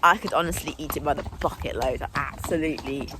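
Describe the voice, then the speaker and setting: A woman's voice: low voice, quick pace. A young woman chatting casually to camera as a riding instructor, talking about her day with a chatty, self-mocking manner. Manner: chatty, warm-hearted, laughs at herself. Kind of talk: casual vlog chat to camera. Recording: noisy outdoor recording.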